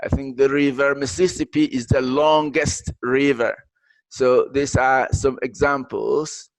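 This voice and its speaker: A man teaching an English grammar lesson, explaining in English mixed with Arabic, halting and repeating himself with many fillers. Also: medium pitch, flat delivery, no room sound.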